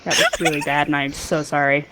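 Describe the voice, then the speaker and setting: A woman's voice: low voice, steady tone, brisk, background noise. A woman playing a tabletop game, joking playfully in casual chat. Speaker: player.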